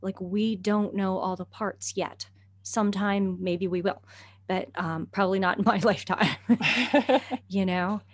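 A chatty middle-aged woman tells a story in a relaxed conversation. She talks animatedly, laughs often and fills her sentences with "you know" and "like". Her voice sits at an ordinary pitch for a woman. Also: measured pace, no room sound. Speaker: guest herbalist and naturalist.

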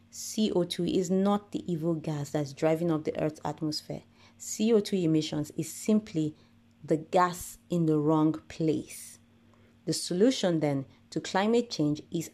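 Low mellow woman doing an earnest podcast monologue, slow and deliberate. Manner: earnest, deliberate, rhetorical lists. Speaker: podcast host.

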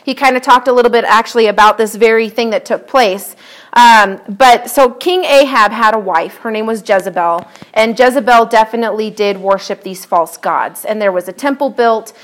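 Woman, sermon, scripture reading, conversational asides, fairly high pitch, clip-on mic. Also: moderate pace, fairly bright tone. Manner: conversational, reads scripture aloud and breaks off to comment. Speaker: preacher.

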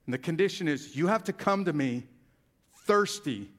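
A man's voice: fairly high pitch, moderate pace. A man preaching a sermon as pastor, rising in volume and emphasis on key phrases. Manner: animated preaching, swelling louder on key phrases.

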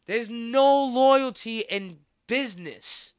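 A man hosting a podcast, ranting in a heated, profane way with sudden loud outbursts. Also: extremely high pitch, slow pace, smooth, dry recording, clean studio sound. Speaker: podcast host. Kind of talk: casual podcast rant.

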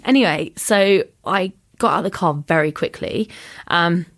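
A woman telling a personal story in casual chat, animated and full of "like"s, acting out what people said. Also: medium pitch, moderate pace. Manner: animated, chatty, full of "like"s, acts out quotes.

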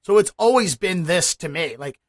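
A man's voice: high voice, animated, moderate pace, no room sound. A man from Baltimore hosting a podcast, asking chatty, meandering questions. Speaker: podcast host. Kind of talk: casual podcast interview.

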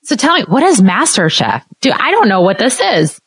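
A woman's voice: fairly high pitch, sing-song, normal speed, a bit bright, breathy edge, no room sound. A woman interviewing a guest in a casual, curious, playful way.

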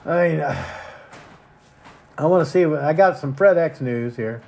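A fairly high-voiced man rants angrily into his podcast mic, crude and profane. He often repeats words as he pushes ahead, sounding heated and indignant. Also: slow, gravelly, darkish tone. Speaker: podcast host. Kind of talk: profane ranting monologue.

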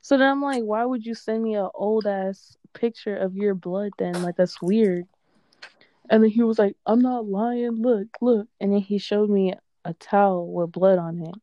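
A woman in a casual chat, telling an animated, profane story and quoting what others said. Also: mid-range voice, normal speed, dry recording, lo-fi sound.

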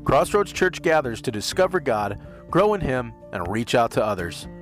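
A man reading a scripted welcome for a church sermon podcast in an even, formal way. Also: medium pitch, normal speed. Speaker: podcast announcer. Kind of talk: scripted intro. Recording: soft guitar music behind.

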